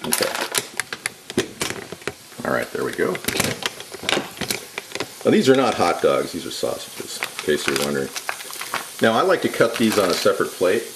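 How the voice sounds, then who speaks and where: A man's voice: sits low, very animated, moderate pace, pauses often. A man hosting a casual home cooking demonstration in his kitchen, rambling into jokey asides as he works. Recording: sizzling pan noise behind voice. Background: frying and sizzling, knife clicks.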